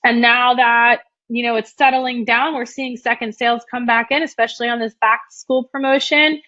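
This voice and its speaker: A woman's voice: a little high, steady tone, moderate pace, sharp tone, no echo, highs cut off. A young woman hosting a casual live webinar, chatty and full of ums and likes as she reads out viewer questions and answers them. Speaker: webinar host.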